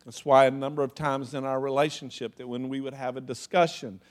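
A man's voice: medium pitch, fairly even intonation, fairly quick. A man preaching a sermon in a conversational way, telling stories from his own life with lots of "you know" and laughing asides. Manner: acts out anecdotes with laughing asides. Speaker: pastor.

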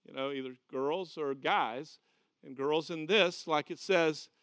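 Folksy Southern man preaching, slightly high. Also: measured pace, fairly bright tone, no room sound. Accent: Southern American. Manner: conversational, repeats key phrases, directs volunteers. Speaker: pastor. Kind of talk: folksy sermon with a live demonstration.

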